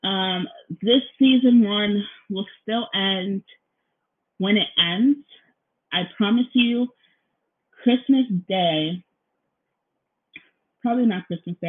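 A woman's voice: medium pitch, takes it slowly, long pauses. A young woman talks through her solo podcast from her apartment, rambling and apologizing, with a nervous edge. Her words are full of ums and "you guys." The sound is thin and tinny, recorded straight into a laptop. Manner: nervous, feels out of breath. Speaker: podcast host. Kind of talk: casual solo podcast chat. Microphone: laptop recording, headphones in.

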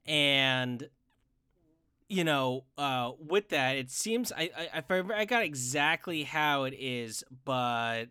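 A man in casual chat, excitedly retelling a fight scene with many restarts, fillers and stumbles. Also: mid-range voice, takes it slowly, smooth, no room sound, studio quality. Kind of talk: casual chat reviewing an anime film.

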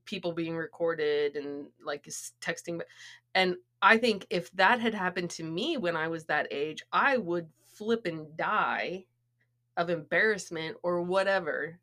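A middle-aged woman co-hosting a podcast, talking in loose, rambling casual chat. Her voice sits a little low but sounds bright and forward. She fills her sentences with "like" and starts over often. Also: unhurried. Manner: rambling, full of "like" and restarts. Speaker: podcast co-host.

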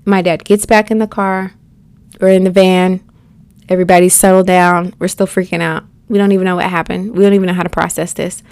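An American woman tells a personal story in a chatty, animated manner, addressing her listeners directly and acting out the people involved. Her voice is on the low side and her pace brisk, with no room sound.

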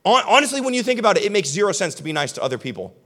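A young man preaching a sermon as pastor, talking animatedly and conversationally, then dropping to soft, earnest tones. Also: sits high, sing-song, very fast. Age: young adult.

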